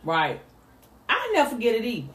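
A high-pitched woman tells a heartfelt family story with big swings in her voice, acting out everyone's lines. Her voice rings in an echoey room. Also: brisk. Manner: lively, animated retelling with voiced quotes. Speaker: mother telling her story. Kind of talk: emotional storytelling.

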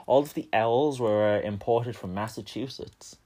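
A man's voice: on the low side, moderate pace, mellow. Joking, rambling male podcast co-host. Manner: joking, rambling, full of fillers. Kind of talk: casual chat recapping a film.

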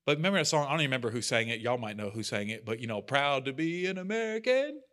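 A man's voice: mid-range voice, racing, sharp tone. A man leading a church study group, talking casually and earnestly, with self-deprecating asides. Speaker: bible study leader. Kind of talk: casual teaching talk.

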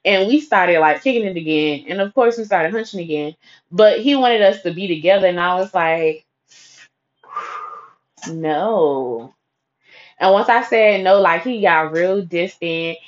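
A woman's voice: fairly low pitch, normal speed. A young woman casually telling a profane personal story, acting out the lines of the people in it. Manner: profane, lively retelling full of quoted dialogue. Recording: dull lo-fi recording.

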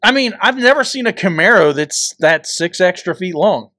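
Brief: male co-host, high-pitched, wisecracking, dry close recording. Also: lively intonation, normal speed, bright, forceful tone, dry recording. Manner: wisecracking, crude humor. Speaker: podcast co-host. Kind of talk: casual banter.

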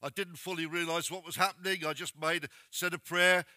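High, bright-voiced male preacher. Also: steady tone, fairly quick, no echo. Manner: plain-spoken, direct exhortation to the congregation. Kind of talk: sermon.

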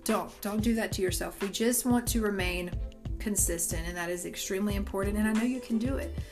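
A woman's voice: mid-range voice, brisk, over music. A woman in her thirties giving an emphatic, preachy Christian motivational talk, speaking straight to her listeners. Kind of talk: casual motivational talk to camera.

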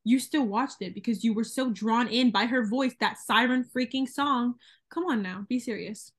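A young woman hosts a podcast in a relaxed, casual chat. Her voice sits a little high, and her delivery is emphatic and wry as she makes her points. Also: moderate pace. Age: young adult. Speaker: podcast host.

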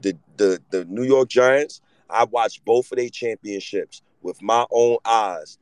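A man's voice: fairly low pitch, measured pace, clear, resonant tone, dry recording, rough recording. A man in his thirties, hosting a casual sports talk show and ranting with lots of profanity. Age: 30s. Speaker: host.

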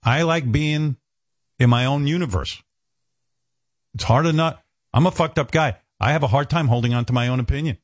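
A middle-aged radio host talking candidly, blunt and profane, self-deprecating. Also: male voice, medium pitch, normal speed, long pauses, no room sound, studio quality. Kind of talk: candid on-air talk.

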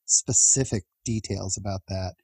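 A man's voice: low voice, unhurried, warm tone, slightly rough, no room sound. A man in his fifties, a podcast guest, tells personal stories in a heartfelt, chatty way with laughs and restarts. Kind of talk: personal storytelling in an interview.

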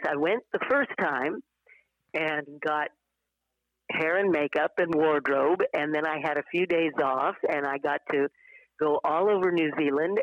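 An older actress appears as a guest in a casual interview conversation, laughing often and restarting her sentences. Her voice is deep, and the sound is lo-fi with no echo.

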